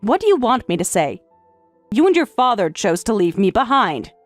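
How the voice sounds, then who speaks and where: Woman voicing a middle-aged stepmother, calm, formal, detached, fairly high voice, lively tune. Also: normal speed, faint music behind. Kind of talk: story narration with voiced roles.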